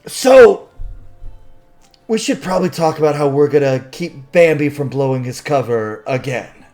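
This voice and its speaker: A man's voice: on the high side, expressive, normal speed, a little mellow, soft background music. Varric: a man doing a dry, exasperated rogue. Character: Varric, wry middle-aged male rogue leader.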